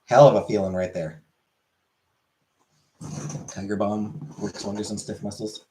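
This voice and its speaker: A man's voice: lowish voice, little pitch movement, measured pace, background noise. Rambling casual man streamer. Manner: rambling, filler-heavy, answers chat. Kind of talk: casual chat.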